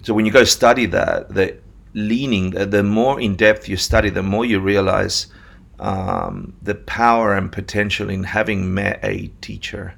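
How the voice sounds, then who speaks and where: A man's voice: lowish voice, steady tone, a little slow, vocal fry, fairly bright tone. A man from Buenos Aires, Argentina, telling his life story as a guest in a candid, self-deprecating way with frequent restarts. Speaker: Buddhist teacher, guest. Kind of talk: conversational storytelling.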